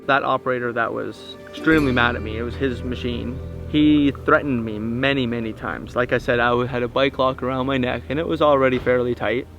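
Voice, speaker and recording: Creaky-voiced man calmly recounting. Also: mid-range voice, brisk, hardly any pauses, faint music behind. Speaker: protester recounting events. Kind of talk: documentary interview recollection.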